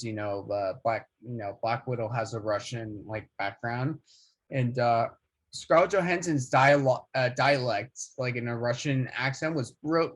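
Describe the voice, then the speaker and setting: Hesitant man chatting about movies. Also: mid-range voice. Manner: hesitant, many restarts and fillers. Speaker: movie reviewer. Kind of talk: casual chat.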